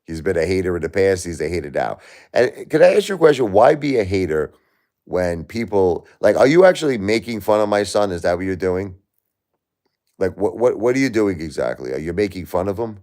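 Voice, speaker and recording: A man's voice: low voice, lively intonation, fairly quick, darkish tone. A middle-aged man on a live stream, grieving and confrontational, firing repeated questions back at commenters in chat.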